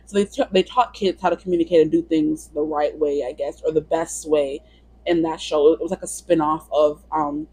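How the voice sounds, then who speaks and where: Husky, chatty woman reading tarot. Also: low-pitched, fairly even intonation, moderate pace, mellow, no echo, low-quality recording. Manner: chatty, rambling, lots of "you know". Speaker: tarot reader. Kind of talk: casual pick-a-card tarot reading.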